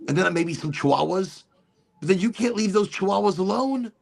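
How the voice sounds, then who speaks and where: A man's voice: high voice, animated, brisk, gravelly. A middle-aged man hosting a casual chat show, rambling freely with laughs and swearing. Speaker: podcast host.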